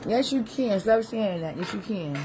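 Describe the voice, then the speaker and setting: Woman, casual home live-streamer, rambling chatty delivery, mid pitch, noisy audio. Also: lively intonation, moderate pace. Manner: chatty, rambling, talks to viewers and a small child.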